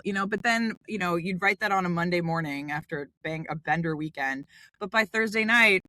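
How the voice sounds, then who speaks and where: Woman, thirties, podcast guest, animated storytelling, bright tone, dry close sound. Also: fairly quick, no room sound. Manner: animated, acts out quotes with big pitch jumps. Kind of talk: casual storytelling interview.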